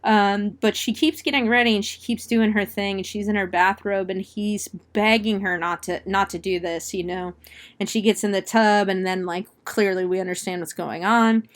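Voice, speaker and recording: A woman podcast host tells a movie plot the way she would tell a friend. She fills her sentences with "like", swears freely, and breaks into exclamations and laughs. Her voice sits at an ordinary middle pitch. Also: fairly even intonation, normal speed. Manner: chatty, profane retelling with frequent "like". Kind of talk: casual movie recap.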